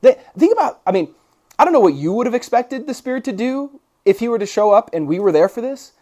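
Animated preacher man. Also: high-pitched, quick pace. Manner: animated storytelling with asides and rhetorical questions. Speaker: pastor. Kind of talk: conversational sermon.

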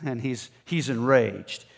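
Man, middle-pitched preacher, chatty and animated telling, long church-hall reverb. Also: slow pace, gravelly. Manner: conversational, acts out the characters with bursts of pitch and volume. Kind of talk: sermon on a Bible passage.

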